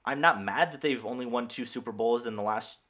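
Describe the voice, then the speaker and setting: A man's voice: medium pitch, fairly quick. An American man and podcast co-host in a casual sports debate, pushing back firmly and giving reasons. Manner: lively, firm, reasoned pushback.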